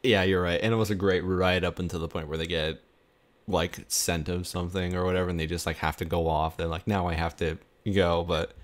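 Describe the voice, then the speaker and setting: Deep-voiced man rambling and laughing. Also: fairly even intonation, a little fast. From Arizona. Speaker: interviewer. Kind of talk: casual chat.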